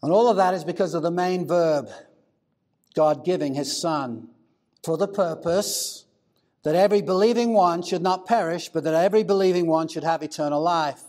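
A man preaching a sermon in a higher-than-usual voice. He is deliberate and emphatic, drawing out important words and slowing down for stress. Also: darkish tone. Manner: deliberate, emphatic, stretches key words slowly. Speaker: pastor.

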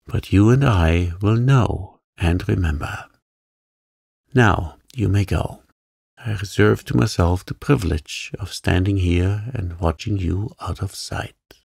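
A man voicing a charming, playful young gentleman artist in a sleep-story reading, teasing and light. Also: sits low, takes it slowly, creaky, breathy edge, dry recording, clean studio sound, exaggerated voice.

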